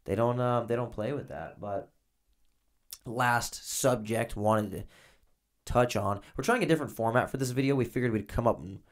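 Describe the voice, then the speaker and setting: A man's voice: mid-range voice, normal speed. A man co-hosting a podcast, telling loose, filler-heavy stories in casual chat. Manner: rambling, filler-heavy storytelling. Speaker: podcast co-host, former inmate.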